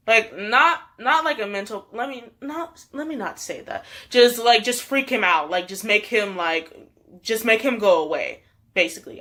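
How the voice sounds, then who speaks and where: A woman's voice: medium pitch, sharp tone. A young woman vlogger telling a story in a chatty way, full of "like" and laughs. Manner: chatty, many fillers and laughs. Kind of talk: storytime vlog chat.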